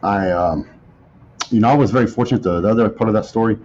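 A man in his forties, a bodybuilder guest in an interview, telling stories in a relaxed drawl and acting out old conversations. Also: fairly low pitch, quick pace. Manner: laid-back drawl, acts out dialogue. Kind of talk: casual storytelling. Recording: slightly muffled audio, faint background noise.

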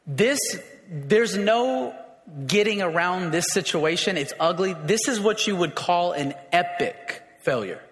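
Brief: male preacher, high voice, chatty sermon delivery with emphatic swells, long hall echo. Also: lively intonation, measured pace, a bit bright. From raised in a city.

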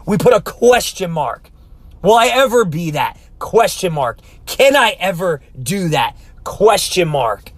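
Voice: mid-range voice, dry recording. A life coach giving a motivational podcast talk, with an emphatic, repetitive rallying cadence and preacher-like direct exhortation to the listener.

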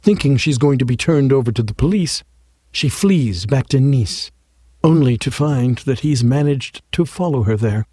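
A man reads an audiobook in a wry, measured voice. His tone is dark and mellow with a husky edge, and the recording is dry and close. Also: medium pitch, animated, dry recording. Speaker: narrator. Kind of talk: audiobook narration.

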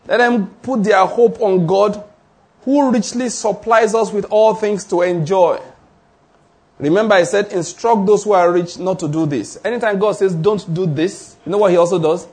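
A man preaching a sermon. He teaches emphatically, slowing down on key phrases and repeating declarations. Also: sits high, a little mellow, slightly rough. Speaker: pastor.

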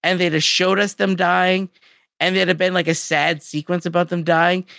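A podcast co-host in casual chat, recapping a story in an animated way with lots of "like". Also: medium pitch, normal speed, creaky, dry recording, studio quality.

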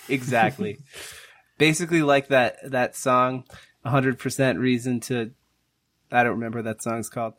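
A man's voice: medium pitch, steady tone, moderate pace, pauses often, fairly bright tone, no room sound. A man playing in a tabletop game podcast, joking and irreverent in casual banter. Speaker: player.

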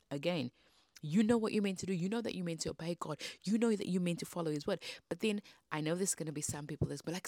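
A woman's voice: medium pitch, lively intonation, fast, darkish tone, dry recording, clean studio sound. A woman hosting a devotional podcast, teaching in a feisty, emphatic preaching manner with rising bursts. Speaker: podcast host.

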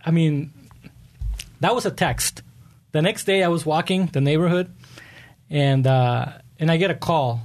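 A man running for local office, telling stories earnestly with frequent restarts in an interview. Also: high voice. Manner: earnest, animated storytelling with many restarts. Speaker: political candidate. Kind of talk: conversational interview answers.

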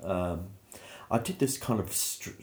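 A man, a painter, telling anecdotes in an animated way during an interview. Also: sits low, unhurried. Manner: anecdotal, animated storytelling with laughs.

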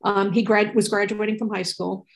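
Middle-aged woman, podcast co-host, chatty storyteller who quotes the people in her stories; a mid-pitched voice. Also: normal speed, vocal fry. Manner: lively storytelling, quoting others. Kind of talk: casual chat.

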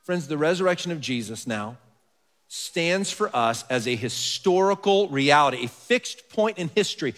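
A man preaching a sermon as pastor, reading scripture softly and building to earnest emphasis. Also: on the high side, expressive, moderate pace. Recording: long hall reverb.

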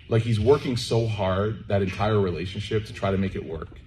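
Low-voiced man preaching casually. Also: a little fast, a little mellow, slight background noise. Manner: casual and joking, often checks in with the audience. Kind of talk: conversational sermon with closing prayer.

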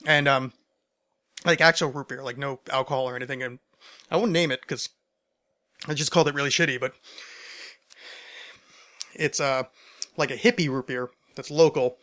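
A man's voice: medium pitch, steady tone, normal speed, long pauses, sharp tone. A man hosting a solo podcast, answering listener questions in a rambling, stammering, self-deprecating way, overcaffeinated. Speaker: podcast host.

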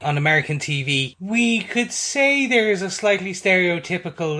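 A man's voice: high-pitched, animated, normal speed, hardly any pauses, bright, forceful tone. A man co-hosting a podcast, asking curious questions and restarting his sentences as he talks. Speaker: podcast co-host. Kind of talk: casual review chat.

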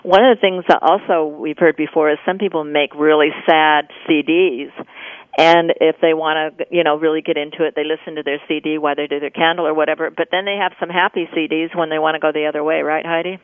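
A woman hosting a radio talk show, talking in a relaxed, conversational way with some hesitations. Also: sits low, no room sound. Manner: conversational, relaxed, halting fillers. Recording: dry narrow-band radio broadcast.

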